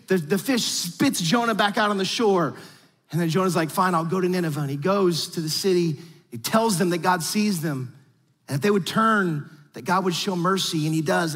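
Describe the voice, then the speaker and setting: Male pastor, high husky voice, animated storytelling sermon, big reverberant church hall. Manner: animated storytelling, repeats words when starting phrases. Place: large church auditorium.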